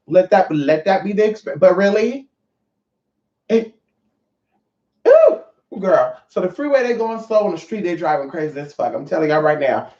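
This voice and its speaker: A woman's voice: fairly low pitch, lively intonation, moderate pace, long pauses, warm tone. A woman vlogger talking to her viewers in a brash, profane, rambling rant. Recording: roomy, dull lo-fi sound.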